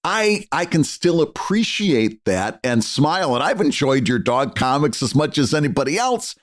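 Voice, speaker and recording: A man co-hosting a podcast, chatting casually and thoughtfully with halting restarts. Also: fairly high pitch, very animated. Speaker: podcast co-host. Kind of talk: casual chat.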